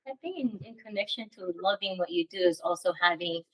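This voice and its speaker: Soft-spoken woman guest, low voice. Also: brisk, rough recording. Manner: soft, heartfelt. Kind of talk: radio interview.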